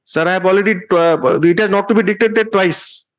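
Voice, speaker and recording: A man's voice: high-pitched, fairly quick. A man with an Indian English accent, presiding as a judge at a court hearing, sternly lecturing and rebuking counsel.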